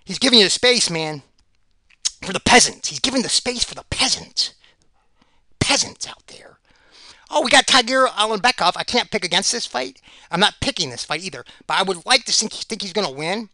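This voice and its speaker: A man's voice: high-pitched, expressive, a little fast, sharp tone, no room sound. A man giving rambling solo commentary on fight picks, sarcastic and ranting, repeating himself.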